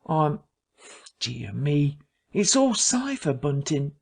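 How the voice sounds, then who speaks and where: A man voicing a fussy, nervous village doctor in a story reading, brisk and irritable. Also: a little high, very animated, creaky, slightly rough, exaggerated voice. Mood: puzzled.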